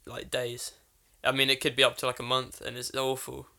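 Bright-voiced blunt man. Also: medium pitch, completely flat delivery, brisk, vocal fry. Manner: blunt, says mate often, swears. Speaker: podcast co-host. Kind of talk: casual chat.

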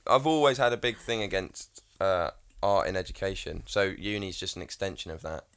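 A man's voice: sits low, normal speed, a bit bright, clear, resonant tone. A young English man in casual podcast chat, blunt and opinionated, swearing freely. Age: young adult. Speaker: podcast co-host.

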